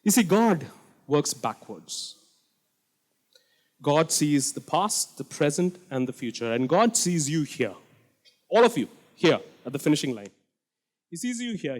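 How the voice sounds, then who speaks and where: A man preaching a sermon, retelling scripture in casual everyday speech and dropping to a hushed voice for the quoted pleas. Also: a little high, big pitch swings, a little slow, pauses often.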